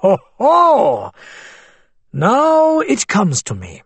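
A man's voice: high-pitched, huge pitch swings, drawn-out words, fairly bright tone, husky, dry recording, pitched above the performer's own voice, full character voice. A man voicing an old male antiques dealer, shrewd and jovial, with a thick Arabic accent. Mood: jovial, bargaining.

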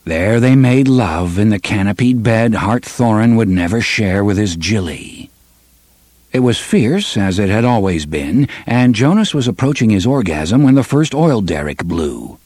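A man reading a gritty novel aloud in steady, measured audiobook narration. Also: on the low side, dry recording. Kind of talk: scripted narration.

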